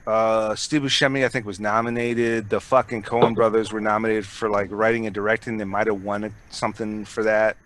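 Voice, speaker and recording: A man's voice: fairly low pitch, level tone, fairly quick, few pauses, fairly bright tone, slight background noise. Rambling, swearing podcast guy. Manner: rambling, swears a lot, many restarts. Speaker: podcast co-host. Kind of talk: casual chat.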